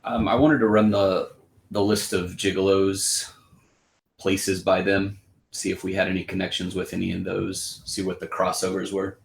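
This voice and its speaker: A man playing in a tabletop game, speaking in a hesitant, halting way over a remote mic. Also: low-pitched, level tone, vocal fry, a little hiss or hum. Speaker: player.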